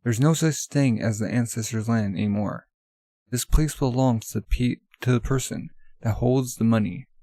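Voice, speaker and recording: A man voicing a calm, stubborn young male runner who explains his reasoning in a measured way. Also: mid-range voice, no room sound, studio quality, natural voice. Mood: calm resolve.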